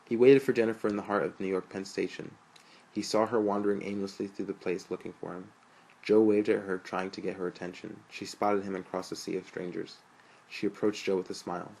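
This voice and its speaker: A man reads a novel aloud in a steady, storytelling manner. His voice sits low and calm throughout the narration. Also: brisk, creaky, poor audio. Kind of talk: audiobook narration.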